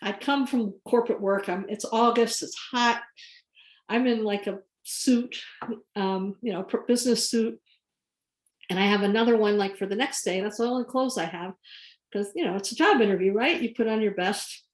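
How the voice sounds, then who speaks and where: A woman's voice: medium pitch, moderate pace. Woman telling a career story, echoey room. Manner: lively anecdotal storytelling with laughs. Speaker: guest speaker. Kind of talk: career story told to an audience.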